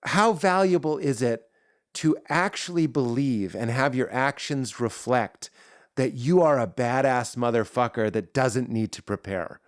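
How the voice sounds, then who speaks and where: A comedian, guesting on a podcast, talks at length in casual chat, animatedly acting out his bits in character voices. His voice is medium-pitched and a little slow, with a dry, clean studio sound.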